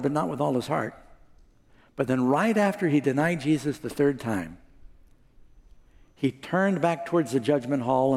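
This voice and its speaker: A man with a mellowish mid-range voice preaches a sermon full of stories, dramatically acting out the voices of the people in them. He asks the congregation for amens, and a long hall reverb trails his words.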